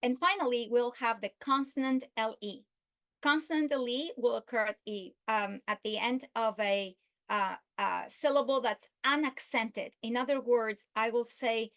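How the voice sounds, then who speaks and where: Slow-spoken woman teaching a lesson. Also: fairly high pitch, fairly bright tone. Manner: slow, deliberate, stretches example words. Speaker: literacy instructor. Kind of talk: instructional video lesson.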